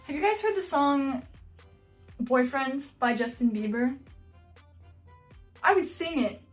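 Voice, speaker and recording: High-voiced woman reacting with exclamations. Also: lively intonation, takes it slowly, soft background music. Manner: exclaiming, blunt and joking. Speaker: YouTube host reacting to house listings. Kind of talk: casual reaction commentary.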